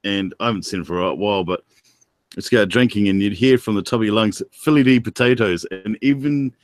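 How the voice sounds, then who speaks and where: A man chatting casually as a paranormal co-host, enthusiastic and quick to laugh. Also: lowish voice, no echo. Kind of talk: casual chat.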